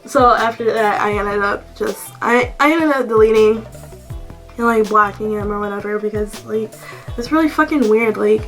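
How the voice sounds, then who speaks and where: A young woman telling a storytime vlog as a casual rant, animated and full of swearing and "like" fillers. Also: mid-range voice, moderate pace, faint music behind, low-quality recording. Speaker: vlogger. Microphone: camera mic.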